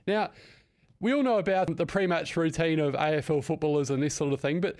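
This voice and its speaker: A man's voice: fairly high pitch, fairly quick, a little mellow, no room sound. A man with an Australian accent hosting a podcast interview, upbeat, laughing along and announcing segments. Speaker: podcast host. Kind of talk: casual interview.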